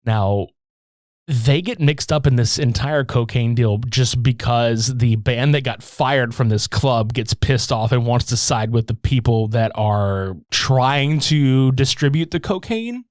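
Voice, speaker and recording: A man's voice: medium pitch, measured pace, no echo, studio quality. A young man co-hosting a podcast, casually and profanely retelling a movie plot with lots of laughter. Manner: profane, excited, laughs often, acts out scenes in voices. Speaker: podcast co-host. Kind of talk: casual movie-review chat.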